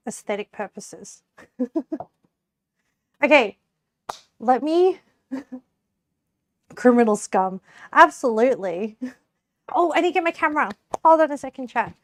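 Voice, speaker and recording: While cooking on a live stream, a young Australian woman with a high voice chats casually with viewers, giggling a lot and rambling with plenty of "like."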